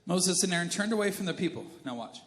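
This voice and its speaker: Animated male pastor preaching in a hall. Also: high-pitched, fast. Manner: conversational and animated, slips into character voices. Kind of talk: sermon. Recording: reverberant church hall with faint music.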